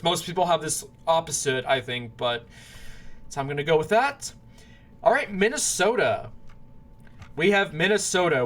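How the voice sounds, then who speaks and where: A man's voice: a little high, fairly bright tone. A man giving casual political predictions, rambling, often restarting and apologizing when he stumbles over names. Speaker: political commentator.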